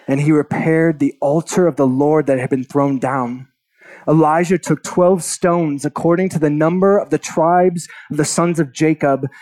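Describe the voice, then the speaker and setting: A man's voice: on the high side, dark tone. Pastor reading scripture in a sermon, man. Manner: earnest, conversational asides between read verses.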